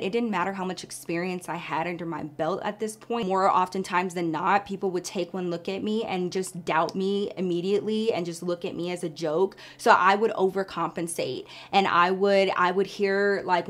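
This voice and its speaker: A woman vlogger telling a story in casual, animated chat, often calling her listeners girl. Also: fairly low pitch.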